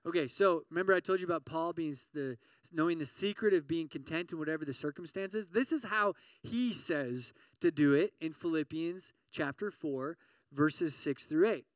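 A man preaching a conversational sermon to a campus ministry group, animated and often checking in with his listeners. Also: a little high, moderate pace, dry recording, distant mic. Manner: acts out everyday inner voices with sudden loud outbursts.

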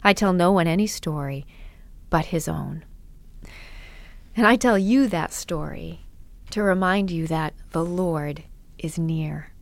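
Woman reading wise male lion, solemn, low hushed delivery, storybook, dry sound. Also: vocal fry, no room sound. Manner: low, slow and hushed, half whispered.

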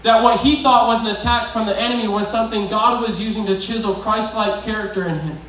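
A man's voice: high-pitched, fairly even intonation, a little fast, fairly bright tone, slight background noise. A man preaching a conversational, provoking sermon to young people, often asking the crowd questions. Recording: very echoey hall, voice from far off.

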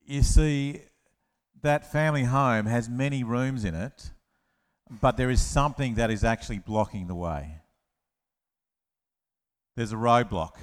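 A man preaching a lively children's-talk sermon, telling the story with playful asides and acted-out voices. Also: mid-range voice, smooth. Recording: long hall reverb.

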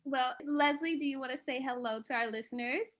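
A woman's voice: high-pitched, a little fast, a bit bright. A woman co-hosting a podcast, upbeat as she introduces the guest and asks her questions. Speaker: podcast co-host. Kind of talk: casual podcast chat.

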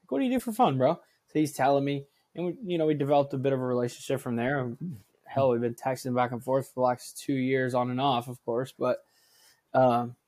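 Young male podcast co-host, lively storyteller, medium pitch, casual and loose. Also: fairly quick. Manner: animated storyteller, swears, acts out quotes.

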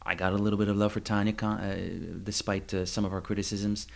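A man's voice: lowish voice, level tone, fast talker. A man co-hosting a podcast, chatting casually and making playful, jokey asides. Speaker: podcast co-host. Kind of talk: casual chat.

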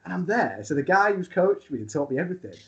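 A man's voice: sits high, big pitch swings, fast talker, dull audio, a little hiss or hum. Laughing man telling a story. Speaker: wrestler guest. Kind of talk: casual storytelling.

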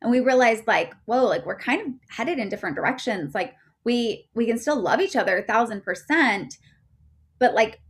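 A woman in her thirties, a podcast guest telling a personal story in a chatty way, full of fillers and getting loud when excited. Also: a little high, normal speed.

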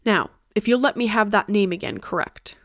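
A woman voicing a gruff, commanding wealthy man in an audiobook reading, brisk and authoritative. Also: medium pitch, fairly bright tone, no echo, clean studio sound, natural voice.

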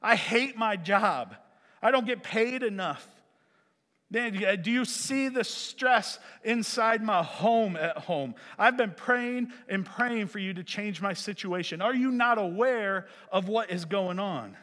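A man's voice: sits high, big pitch swings, slow pace, bright, forceful tone, long reverb tail, exaggerated voice. A man voicing a frustrated biblical patriarch who pleads with God in exasperation. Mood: frustrated pleading.

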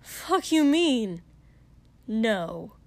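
A woman reading the part of a brash, domineering young man, gruff and commanding. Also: high voice, sing-song, drawn-out words, heavily acted.

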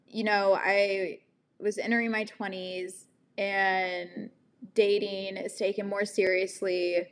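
Slow-talking frank young woman. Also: medium pitch. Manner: frank and profane, laughing at herself, slow deliberate delivery. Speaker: vlogger. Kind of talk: candid personal storytelling to camera.

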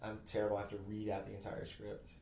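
Guy chatting on a podcast, lively storyteller, roomy echo with faint hiss. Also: fairly low pitch, quick pace, creaky. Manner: animated storyteller, loud put-on family voices. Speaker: podcast guest, comedy writer. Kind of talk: casual chat. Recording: echoey room, faint noise.

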